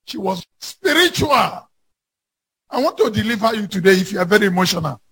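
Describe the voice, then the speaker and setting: A man preaching a sermon, reading scripture and rising to shouted emphasis. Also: high-pitched, lively intonation, normal speed, breathy edge.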